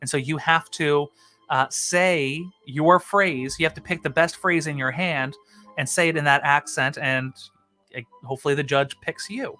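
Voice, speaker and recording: A man chats to his live-stream viewers in a relaxed, rambling way, often pausing on "uh". His voice sits a little high and rings bright. Faint music plays underneath. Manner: chatty, frequent "uh" fillers, relaxed. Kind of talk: casual live-stream chat.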